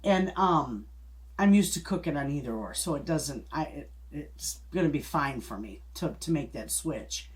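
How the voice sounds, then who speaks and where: A woman's voice: low voice, animated, normal speed. A middle-aged woman hosting a homestead channel, chatting casually and telling a story in a folksy, rambling way with restarts and little chuckles.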